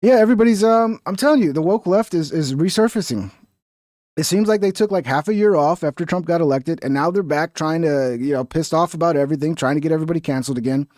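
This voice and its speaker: A man's voice: a little high, fast talker, a little mellow, no echo, studio quality. A man hosting a casual reaction stream, talking in a crude, rambling, profane way.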